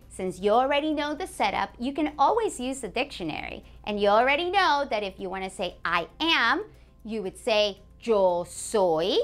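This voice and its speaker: A woman teaching a beginners' language lesson, a native Spanish speaker who says example phrases slowly and clearly and praises the learner. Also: on the high side, a bit bright. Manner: clear, slow modeling of example phrases, encouraging.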